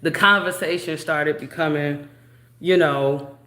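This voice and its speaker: A woman's voice: deep voice, steady tone, sharp tone. Chatty woman telling a story, roomy echo. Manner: chatty, drawn-out, full of "you know". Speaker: vlogger. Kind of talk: casual storytelling. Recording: echoey room.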